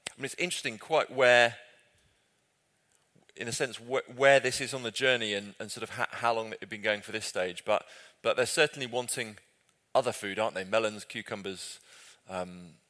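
A man's voice: fairly low pitch, steady tone, normal speed. Man, Bible study leader, easygoing and chatty, often restarting his sentences. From Britain. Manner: conversational, self-correcting, gently humorous. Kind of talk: group Bible study teaching.

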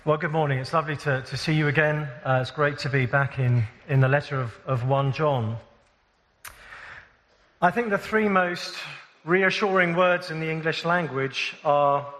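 A man's voice: on the high side, normal speed. A man preaching a sermon in a conversational way, often restarting phrases, in a church. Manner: conversational, warm-humored, with frequent restarts. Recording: long hall reverb.

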